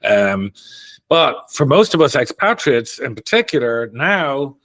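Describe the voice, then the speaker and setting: Animated Dublin man, dry close sound. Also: mid-range voice, measured pace, no echo. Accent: Dublin Irish. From Ireland. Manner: animated storyteller who often laughs. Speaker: guest, career coach. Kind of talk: casual interview conversation.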